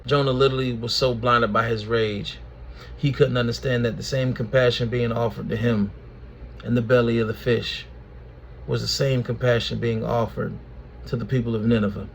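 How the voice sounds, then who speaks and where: A man hosting a casual Bible study, retelling the story in slangy, animated language. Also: mid-range voice, gravelly, a little hiss or hum. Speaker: host of Bible study video.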